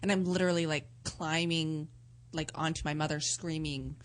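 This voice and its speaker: A woman's voice: sits low, fairly even intonation, normal speed. A woman co-hosting a talk show, chatting casually and teasing bluntly. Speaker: co-host.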